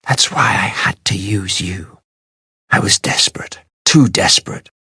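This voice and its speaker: A proud sorceress who guards her secrets and sounds worn down, read out by a man in his own low voice. Her words come cold and close, with no room sound around them. She sounds like a figure in a spoken fantasy novel. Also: measured pace, sharp tone, breathy edge, dry recording, heavily acted. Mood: guarded. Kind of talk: audiobook character voice.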